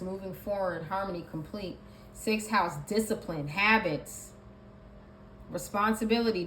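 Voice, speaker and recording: A woman giving a tarot reading, talking emphatically and repeating her points as she lists card meanings. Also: mid-range voice. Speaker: tarot reader. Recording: echoey room with faint ambient noise.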